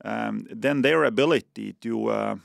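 A man with an Estonian accent, a defense official, explaining policy as a podcast guest in a deliberate way with many fillers and restarts. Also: fairly low pitch, gravelly, dry recording, clean studio sound.

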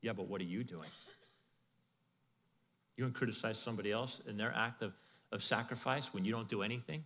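A male pastor giving a sermon in a conversational, animated way, with asides to the congregation. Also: on the low side, brisk, long reverb tail. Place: church in Arizona.

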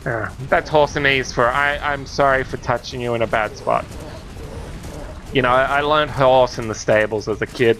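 A young Australian man with an Australian accent, giving excitable, joking gameplay commentary as a let's play host and yelping at the game. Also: medium pitch, normal speed, slight background noise. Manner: excitable, yelps and jokes at the game.

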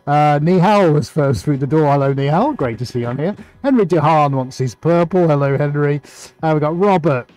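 A man's voice: on the high side, a little mellow. A man hosting a painting live stream, chatting casually and reading out greetings to viewers. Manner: chatty, reads out viewer greetings with small restarts.

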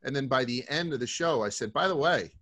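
A middle-aged man from Brooklyn sits in as a guest and talks in loose, rambling stories peppered with swearing. His pitch sits at an ordinary middle height for a man. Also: expressive, fairly quick, a bit bright. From Brooklyn, New York. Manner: rambling, profane storyteller. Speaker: podcast guest. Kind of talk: casual podcast chat.

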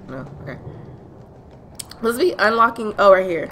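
A woman commentating a video game playthrough in a casual, excitable, self-deprecating way, swearing often. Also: mid-range voice, moderate pace, long pauses, a little hiss or hum. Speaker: gamer streamer. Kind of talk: casual let's play commentary.

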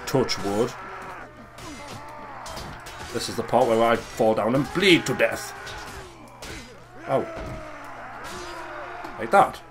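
A young man giving casual, crude and excitable commentary over a video game. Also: medium pitch, takes it slowly, long pauses, over music. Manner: crude, swearing, excitable and joking. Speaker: let's play gamer.

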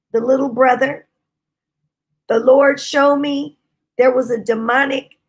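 A woman preaching a sermon, telling a testimony with impassioned shouting bursts. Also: sits high. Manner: impassioned, shouting bursts, Southern-style speech.

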